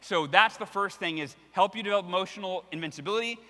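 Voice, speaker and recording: A man in his thirties giving a storytelling keynote speech, animated and acting out the voices in his anecdotes. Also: high voice, quick pace. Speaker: keynote speaker. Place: large hall with a live audience. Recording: long hall reverb from the stage.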